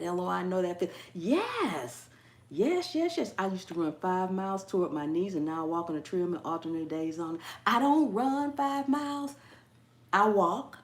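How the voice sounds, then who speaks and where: An animated woman hosts a casual livestream, her pitch swinging widely as she chats. She greets viewers from the chat as she goes. Her voice rings a little in an echoey room. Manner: animated, chatty, reads out and greets live chat. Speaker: gardening channel host.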